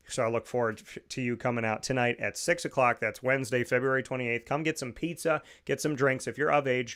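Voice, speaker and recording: A man's voice: mid-range voice, fairly bright tone. A man hosting his own radio and podcast show in a studio, talking with upbeat enthusiasm and rattling off plugs and lists. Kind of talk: energetic show talk and sponsor plugs.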